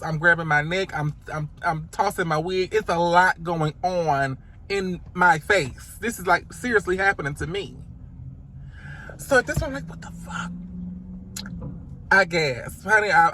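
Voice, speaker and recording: A storytime vlogger tells a dramatic tale to the camera in a casual vlog, sassy and profane, calling her listeners honey and child. Her voice is fairly low in pitch and fairly bright in tone.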